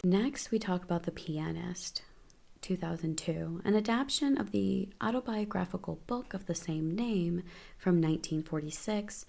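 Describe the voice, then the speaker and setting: A woman's voice: lowish voice, expressive, normal speed, vocal fry, dark tone. A woman casually recapping film plots, chatty and offhand, with asides and self-corrections.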